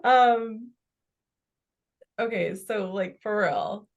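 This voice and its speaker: Excitable woman with a gravelly voice. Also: medium pitch, very slow, muffled recording. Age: adult with a child. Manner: excitable, laughs often, relays a spirit's words. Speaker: psychic medium. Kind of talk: casual chat.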